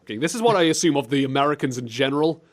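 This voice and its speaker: A British man hosting a comedic chat show, animated and sarcastic. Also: medium pitch. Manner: animated, sarcastic, quick jokes. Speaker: host.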